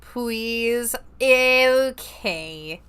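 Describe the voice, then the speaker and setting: Young woman game streamer, bright and tense tone, talkative and profane. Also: fairly high pitch, lively intonation, drawn-out words, clean tone. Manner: chatty, profane, rambling. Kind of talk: casual gaming-stream chat.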